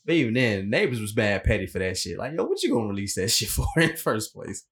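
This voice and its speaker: A man joking around as a podcast co-host, his voice swinging widely in pitch. His tone is bright and forward, and he laughs and reacts loudly. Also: sing-song, quick pace. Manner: playful, laughs a lot, hype reactions. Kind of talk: casual podcast banter.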